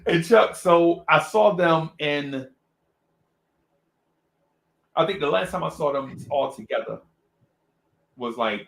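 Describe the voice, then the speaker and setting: High-voiced guy hosting radio, telling stories all slangy and animated, echoey room. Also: takes it slowly, vocal fry, long pauses. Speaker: radio co-host. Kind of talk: casual storytelling chat. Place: radio studio.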